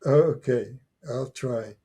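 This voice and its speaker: A man in his eighties, a guest on an interview podcast, speaking haltingly and often repeating words as he restarts his sentences. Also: mid-range voice, dark tone, husky. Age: 80s. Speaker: guest, folklore scholar. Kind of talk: conversational interview.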